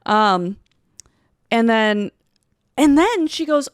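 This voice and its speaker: Animated high-voiced woman telling a story. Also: takes it slowly, pauses often, smooth, no echo, clean studio sound. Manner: animated, swearing, acts out quotes. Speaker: podcast co-host. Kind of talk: casual storytelling chat.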